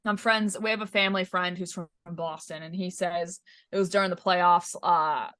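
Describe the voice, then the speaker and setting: A woman's voice: lowish voice, steady tone, normal speed, fairly bright tone, no echo, studio quality. A young woman from Southern California hosting the show, chatting casually with many fillers and restarts. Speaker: host. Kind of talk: casual chat.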